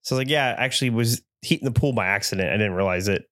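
A man's voice: on the low side, racing. A man co-hosting a casual chat show, telling stories with lots of laughter and acted-out quotes. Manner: animated storyteller, laughs often, acts out quotes. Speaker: podcast co-host.

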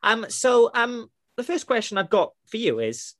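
A man's voice: very high-pitched, big pitch swings, moderate pace, fairly bright tone. A man hosting a podcast interview, chatty and enthusiastic, with lots of fillers and restarts. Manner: rambling, filler-heavy, enthusiastic. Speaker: podcast host.

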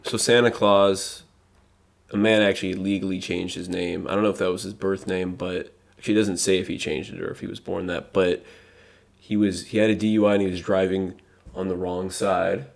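A man's voice: deep voice, level tone, brisk, vocal fry. A man co-hosting a comedy podcast, teasing his partner dryly and reading out news details. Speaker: podcast co-host. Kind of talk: casual comedic chat.

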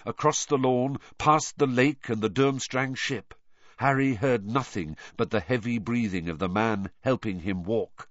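A man narrating a novel as an audiobook, reading with expressive, dramatic storytelling. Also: medium pitch, measured pace, no room sound, highs cut off.

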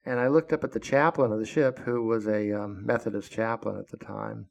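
A man's voice: fairly low pitch, steady tone, fairly quick, vocal fry, hardly any pauses. A man in his sixties telling his own story bluntly and with profanity, flaring into heated outbursts. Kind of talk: first-person storytelling.

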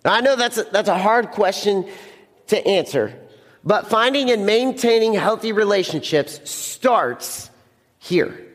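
A man's voice: sits high, in a large hall. A young man preaching a casual sermon to teenagers as a youth pastor, often repeating words and acting out the scene.

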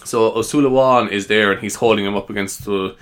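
A tired Irish man hosting a comedy podcast, rambling on in a chatty, self-amused way and leaning on "you know" and "right?" as he goes. His voice sits fairly low but sounds bright and forceful, with a sharp edge to the delivery. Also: fairly even intonation, fairly quick. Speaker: podcast host.

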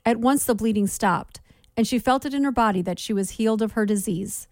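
A woman giving a measured Bible reading for a daily reading plan, with clear, steady delivery. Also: on the high side, dry recording, studio quality. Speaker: scripture reader.

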